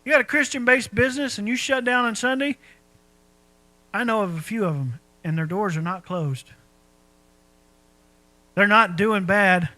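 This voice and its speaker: A man's voice: high voice, normal speed, long pauses, pushed and bright, no echo, low-quality recording. A man preaching a sermon in a folksy, conversational way, asking his listeners rhetorical questions. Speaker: pastor.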